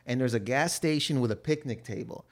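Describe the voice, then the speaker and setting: A man in a relaxed podcast conversation, spinning stories with lots of "like" and swearing. His pitch sits in an ordinary male middle range. He jumps into loud, acted-out voices whenever he quotes someone. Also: brisk. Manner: animated storyteller who acts out quotes in loud voices; loose, profane, filler-heavy talk. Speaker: podcast guest, actor. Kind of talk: casual chat, anecdotes.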